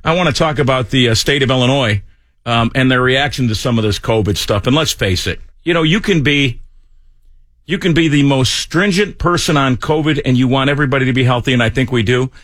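A fill-in host on morning talk radio, this man speaks a little fast in a medium-pitched voice, recorded on a studio microphone with no room sound. He's animated and jokey, poking fun at himself.

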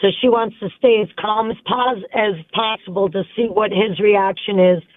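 A woman's voice: medium pitch, fairly even intonation, normal speed, no room sound. Woman caller over a tinny phone line. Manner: firm, emphatic opinions. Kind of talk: call-in radio opinion.

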